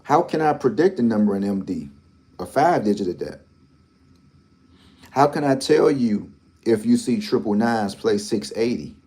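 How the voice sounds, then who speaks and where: Rambling man with a low mellow voice. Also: lively intonation, normal speed, pauses often. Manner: rambling, repetitive, teasing. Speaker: lottery channel host. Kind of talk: casual commentary.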